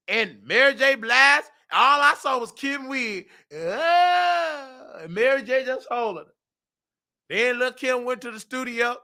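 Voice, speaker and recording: A man runs a casual commentary show. His voice sits high and sounds very bright. He talks in an animated, preachy way and slips into singing. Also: vocal fry. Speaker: host. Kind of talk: casual commentary with sung and recited lyrics.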